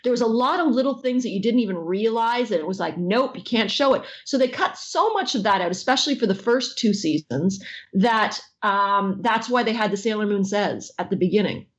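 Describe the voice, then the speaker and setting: A middle-aged woman from Canada, a voice actress guest telling stories in an interview, lively and laughing often. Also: a little fast. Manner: lively, laughs often, acts out quotes in high silly voices. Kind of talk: animated interview storytelling.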